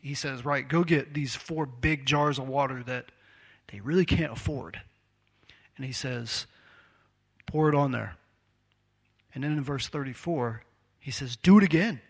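A man preaching a sermon in a conversational, storytelling way, acting out the quotes he tells. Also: medium pitch.

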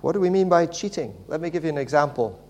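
A man's voice: on the high side, expressive, fast, darkish tone. A man preaching a sermon, often stalling and repeating words as he goes.

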